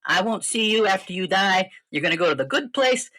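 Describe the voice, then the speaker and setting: A woman's voice: medium pitch, lively intonation, brisk, a bit bright. A woman doing a crude, boastful Brooklyn director. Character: brash foul-mouthed dead male film director, arrogant. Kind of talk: parody ad skit.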